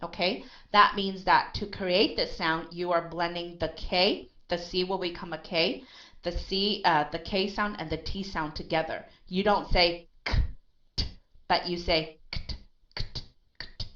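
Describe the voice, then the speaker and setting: A woman's voice: fairly low pitch, fairly even intonation, measured pace, sharp tone. A woman tutoring English pronunciation one-on-one, patiently drilling sounds and repeating words. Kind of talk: one-on-one accent coaching. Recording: dull lo-fi recording.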